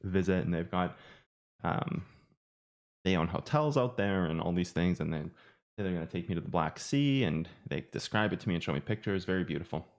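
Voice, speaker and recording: Irish man, deep voice, chatty, rambling, self-mocking, live chart commentary. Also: expressive, moderate pace. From Ireland. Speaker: trading streamer.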